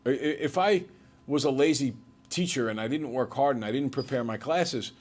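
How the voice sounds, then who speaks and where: A man's voice: medium pitch, moderate pace, a little mellow, slight background noise. A man who teaches math, lecturing his class and then working through problems with his students.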